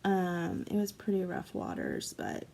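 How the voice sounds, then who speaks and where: A woman's voice: on the low side, wildly swooping pitch, measured pace, vocal fry, warm tone, slight background noise, low-quality recording. A woman in her forties, a mom chatting casually and rambling through a story while crafting at home. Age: 40s. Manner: chatty, rambling, self-mocking.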